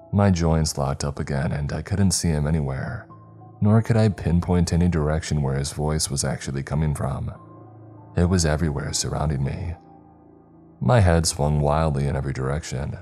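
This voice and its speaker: Very deep-voiced male horror narrator. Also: moderate pace, warm tone, soft background music.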